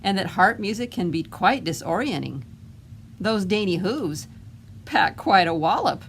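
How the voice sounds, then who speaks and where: A woman's voice: medium pitch, lively intonation, a little slow, a little hiss or hum. A woman reading a picture book aloud, voicing a grumpy, self-important male goblin with an indignant, sarcastic way of complaining. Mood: grudging.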